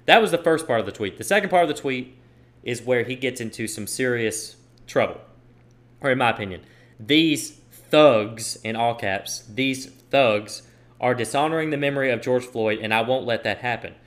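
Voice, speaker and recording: A man's voice: mid-range voice, brisk, a bit bright. Young male commentator, solo opinion monologue, emphatic, repeats lines for stress, mid-range voice. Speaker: political commentator. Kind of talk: opinion monologue reading tweets aloud.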